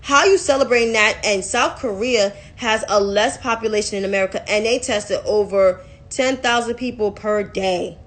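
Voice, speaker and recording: A woman's voice: medium pitch, normal speed, hardly any pauses. A young woman giving blunt, profane, exasperated commentary in a casual vlog. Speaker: political commentator.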